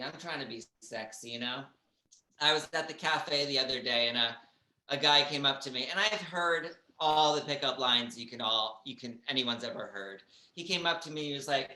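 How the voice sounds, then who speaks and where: A stand-up comedian with a bright, forceful tone works through a set in a halting way, full of ums and little giggles. The voice rings out in a roomy small theater. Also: mid-range voice, expressive. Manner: halting, filler-heavy delivery with giggles.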